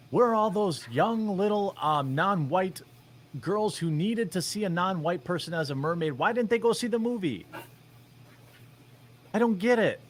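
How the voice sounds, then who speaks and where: A man's voice: fairly high pitch, slight background noise. A man giving opinionated commentary on video clips in a sarcastic, mocking, rambling way with many fillers. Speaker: commentary vlogger.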